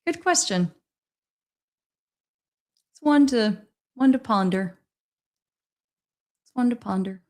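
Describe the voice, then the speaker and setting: A woman's voice: a little high, animated, takes it slowly, pauses often, darkish tone. A woman hosting a casual livestream, talking with the chat in a rambling, hesitant way, with many restarts. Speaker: livestream host reading chat.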